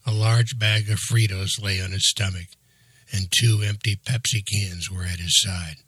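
Low husky guy reading an audiobook, steady and even, super dry close mic. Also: a little slow, no echo. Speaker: narrator. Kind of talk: audiobook narration.

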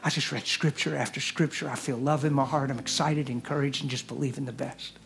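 A man preaching a sermon and leading prayer, earnest, moving between hushed whispers and loud exclamations. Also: mid-range voice, steady tone, brisk, creaky. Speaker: guest preacher. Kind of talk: sermon with altar call and prayer. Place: church service.

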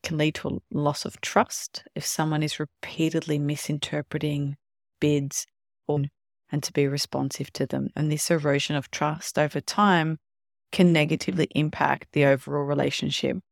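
A podcast host talking calmly on their own about relationships and now and then acting out short quoted examples. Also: medium pitch, moderate pace, vocal fry, no room sound, studio quality. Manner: calm explanatory, acts out short quoted examples. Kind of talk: solo podcast talk on relationships.

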